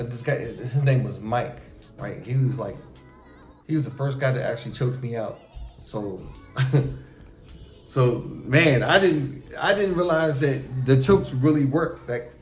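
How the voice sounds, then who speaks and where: A middle-aged man hosting a casual chat with his son, telling profane, animated stories about his past and acting out how he reacted. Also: medium pitch. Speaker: show host talking with his son. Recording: echoey room with faint music.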